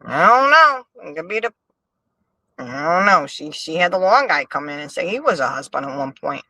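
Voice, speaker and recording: Sassy animated woman streamer. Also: deep voice, moderate pace, dry recording. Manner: animated, sassy, reads chat aloud. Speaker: livestream host. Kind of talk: casual gossip commentary.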